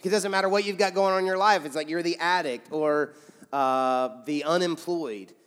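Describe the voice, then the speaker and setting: A man's voice: on the high side, normal speed, a bit bright, clear, resonant tone. A young man preaching a sermon in a conversational, storytelling way, acting out quotes. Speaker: pastor. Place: large church sanctuary. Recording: hall reverb from church sanctuary.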